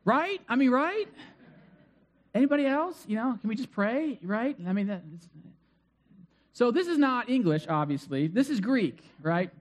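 High-voiced conversational male pastor. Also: expressive, moderate pace, darkish tone. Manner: conversational, self-deprecating asides, many fillers. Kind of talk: sermon.

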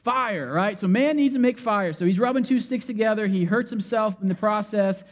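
A man preaching a sermon to his congregation, telling stories in a conversational, animated way, asking the crowd questions and repeating phrases for emphasis. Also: sits high, moderate pace. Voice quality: conversational, animated storytelling with acted-out cries. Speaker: pastor.

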